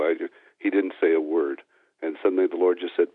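Man, earnest testimony guest, very low voice, thin phone-like sound. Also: little pitch movement, normal speed, dry recording. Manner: earnest, storytelling, frequent restarts. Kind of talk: personal testimony interview. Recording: tinny phone-like dry sound.

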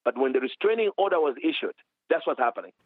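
A man minister telling a lively testimony in an interview, acting out quoted dialogue as he goes. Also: fairly high pitch, fast talker, dry recording, narrow, tinny audio. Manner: animated storytelling with quoted dialogue. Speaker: minister, author.

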